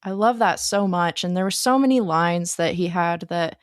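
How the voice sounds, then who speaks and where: A woman's voice: fairly low pitch, moderate pace, clear, resonant tone, dry recording, clean studio sound. A young woman co-hosting a casual film podcast, eagerly retelling scenes she loved. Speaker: podcast co-host.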